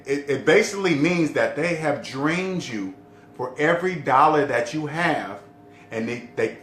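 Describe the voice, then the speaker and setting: A middle-aged man vlogging casually to camera about debt-free living. He talks emphatically, repeats his key points and keeps asking the viewer questions. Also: fairly bright tone. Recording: roomy echo with faint rumble.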